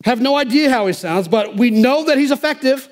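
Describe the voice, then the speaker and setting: A man preaching a sermon in a casual, slangy way, reading scripture quietly and then building to loud, emphatic passages. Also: very high voice, expressive, brisk. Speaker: pastor.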